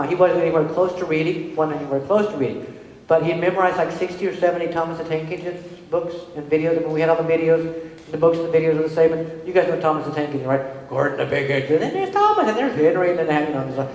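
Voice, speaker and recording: A middle-aged woman and parent giving a conference presentation to an audience, telling stories conversationally and checking in with the room. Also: low-pitched. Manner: animated storytelling with quick restarts. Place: large hall with an audience. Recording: very echoey hall with long reverb.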